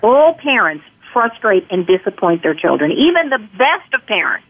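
A woman's voice: mid-range voice, very animated, moderate pace. Woman explaining over a tinny phone line. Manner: earnest, acts out parents' lines in quotes. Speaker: guest expert on parental alienation. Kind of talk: explanatory interview answers.

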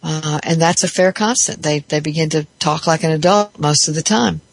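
A therapist talks through ideas in a thoughtful, explaining way, often stopping to restart a phrase. The voice sits at an ordinary middle pitch. The sound is close and dry, with no room echo. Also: moderate pace, vocal fry. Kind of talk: reflective spoken talk on psychology.

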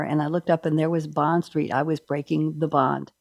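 A middle-aged woman hosting a group discussion, reading quotes aloud slowly with lively asides. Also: low voice, vocal fry, no echo. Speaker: host.

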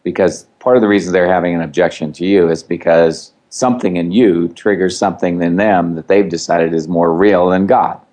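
Deep-voiced man giving wry advice. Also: steady tone, brisk, few pauses, darkish tone. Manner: instructive, wry. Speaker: co-host. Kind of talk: casual teaching chat.

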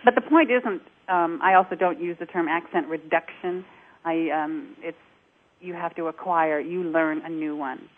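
Accent coach guest, a lower-voiced woman, lively explainer, heard over a phone line. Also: normal speed, slightly rough. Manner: animated, demonstrates accents while explaining. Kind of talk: conversational interview.

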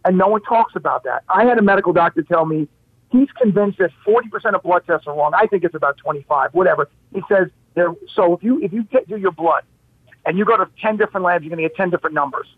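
A male health practitioner appears as a guest on a talk show, telling animated stories at a quick pace in a high voice. He is emphatic and full of rhetorical questions, and the audio comes through a dry phone line.

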